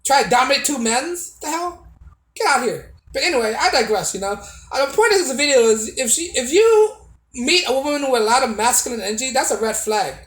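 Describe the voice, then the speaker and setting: A man's voice: very high voice, expressive, fast talker, fairly bright tone, reverberant, low-quality recording. A man giving a casual opinion monologue to camera as a video blogger, preachy and repetitive, with many restarts and tag questions.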